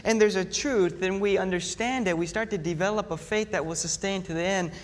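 A pastor preaching a sermon, telling a story in an animated way and acting out mock panic. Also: male voice, high-pitched, a little fast. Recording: long hall reverb.

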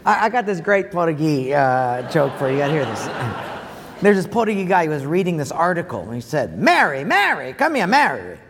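A man preaching a humorous sermon as a pastor, telling jokes in an animated way. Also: fairly high pitch, brisk, a little hiss or hum. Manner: joke-telling, chuckling, animated. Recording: long hall reverb.

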